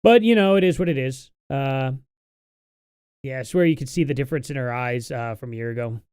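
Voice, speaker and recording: A man's voice: medium pitch, fairly quick, a little mellow, clear, resonant tone, no room sound, clean studio sound. A young adult man hosting a casual live stream, talking in a tired, rambling, sarcastic way.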